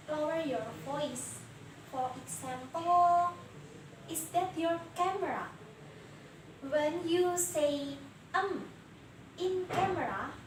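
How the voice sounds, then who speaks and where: A young woman playing a helpful female friend who explains a lesson slowly in plain non-native English. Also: high voice. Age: young adult. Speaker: student. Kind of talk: amateur student drama. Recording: echoey room, far from the mic, noisy.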